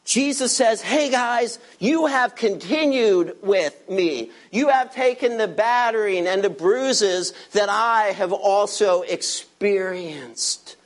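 A man preaching a sermon, directly addressing his listeners and stretching key words slowly for emphasis. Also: sits high, animated. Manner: addresses listeners directly, asks them to turn pages. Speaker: pastor.

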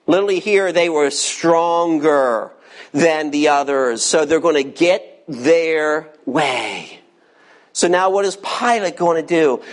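Pastor, expository sermon, emphatic, rhetorical questions, lively swooping pitch.

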